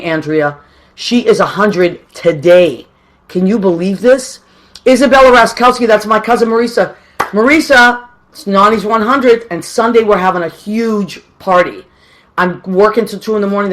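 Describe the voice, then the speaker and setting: Chatty woman radio host. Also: medium pitch. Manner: chatty and affectionate, greets people warmly. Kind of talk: live radio chat, reading out listeners.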